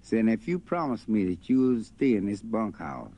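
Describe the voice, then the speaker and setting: A man's voice: on the low side, sing-song, moderate pace, mellow. A man voicing a busy, dismissive mill owner who talks curtly. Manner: curt, dismissive.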